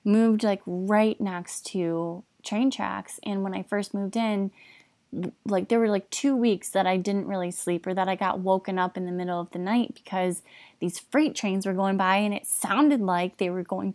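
A woman's voice: medium pitch, a little mellow, no room sound. A young woman hosting a podcast, speaking in a candid, confessional way with casual fillers. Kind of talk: personal reflective talk.

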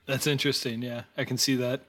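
A man's voice: medium pitch, level tone, quick pace, a bit bright. A man co-hosting a podcast, thinking aloud and musing in a casual review chat. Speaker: podcast co-host.

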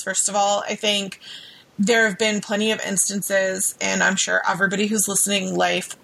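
A woman's voice: mid-range voice, vocal fry, pushed and bright, rough recording. A woman co-hosting a podcast, chatty and joking in casual conversation. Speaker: podcast co-host.

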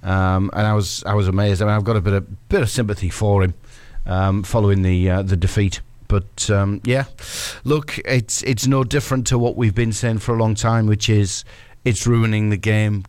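A man co-hosting a casual football chat show, talking in quick, jokey bursts when he riffs. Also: on the low side, darkish tone, clean tone, no echo. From North East England. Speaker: co-host.

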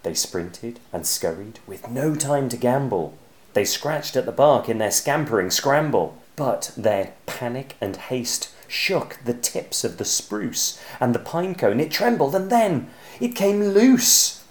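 A man reading a rhyming picture book aloud in an expressive, sing-song manner. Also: medium pitch, slow pace. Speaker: storyteller.

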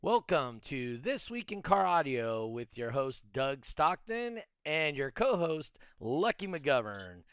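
A man hosting an interview show, talking in a relaxed, joking way over a video call. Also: on the high side, slow, few pauses, clear, resonant tone, no room sound, clean studio sound. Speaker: podcast host.

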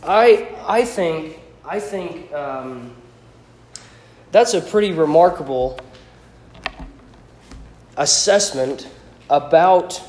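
A man's voice: a little high, expressive, extremely slow, long pauses, a little mellow, reverberant, rough recording. A man, as a teacher, reading a novel aloud and explaining it in informal asides, with hesitations and repeats.

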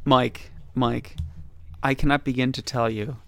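A man who drops his g's, co-hosting a podcast in animated, exasperated casual chat. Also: medium pitch, a little slow, gravelly. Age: late 30s. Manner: drops the g's in words ending in -ing. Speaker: podcast co-host.

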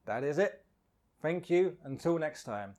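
A man co-hosting a casual film commentary, deadpan and spinning mock-serious made-up facts. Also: a little high, a little slow. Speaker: guest co-host.

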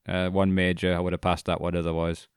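Young bloke, low smooth voice, dry close sound, swears a lot telling funny stories. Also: male voice, completely flat delivery, fast, no room sound. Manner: sweary, self-mocking, laughs through his stories. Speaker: podcast co-host. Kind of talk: comic storytelling.

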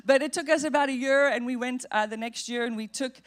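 A woman pastor preaching in a church, telling a personal story in an animated, humorous way. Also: high voice, a little fast. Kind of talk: storytelling sermon. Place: church sanctuary.

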